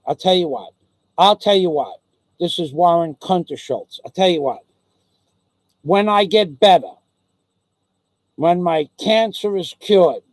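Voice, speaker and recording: A man's voice: high voice, darkish tone, dry recording. A man hosting a livestream, ranting angrily and with heavy profanity, often repeating his phrases. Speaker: livestream host. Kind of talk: angry livestream rant.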